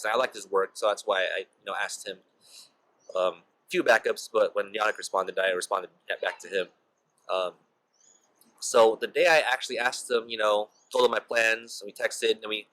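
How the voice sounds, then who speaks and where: A young man vlogs a personal story in a casual, chatty way, constantly dropping "like" and "you know." His voice sits on the low side but sounds bright and forceful. The recording is low quality, with no echo.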